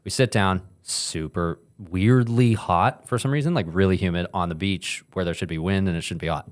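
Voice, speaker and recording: A man co-hosting a podcast, telling a story in casual chat and acting out quotes in an animated way. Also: low voice, moderate pace. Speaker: podcast co-host.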